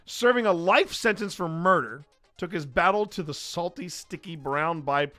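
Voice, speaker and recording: A man putting on an Australian accent to read out a news story in a loud, drawn-out, theatrical way. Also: a little high, soft background music. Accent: put-on Australian. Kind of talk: comic news reading.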